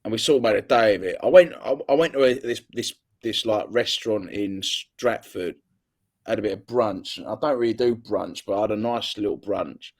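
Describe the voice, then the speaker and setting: A man's voice: fairly low pitch, moderate pace. A young man, a guest chatting casually in an interview, stumbling over repeated words and swearing freely.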